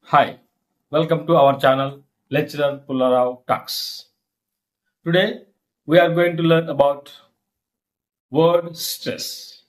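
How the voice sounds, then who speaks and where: A middle-aged man, teaching slowly and repeating himself, often asking if the listener follows. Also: fairly high pitch. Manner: slow, repetitive, checks understanding often. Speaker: English lecturer. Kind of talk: classroom-style teaching.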